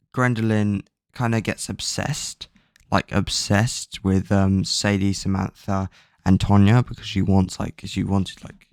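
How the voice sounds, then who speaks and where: Low, gravelly young guy for a loose, swear-dotted book recap, dry close mic. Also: dry recording. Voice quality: rambling, filler-heavy, swears casually. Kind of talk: casual plot recap.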